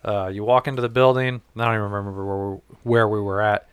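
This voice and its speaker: A man's voice: on the low side, fairly even intonation, fast talker, clear, resonant tone, dry recording. A man in casual conversation, telling a long story in a rambling, self-correcting way and swearing freely.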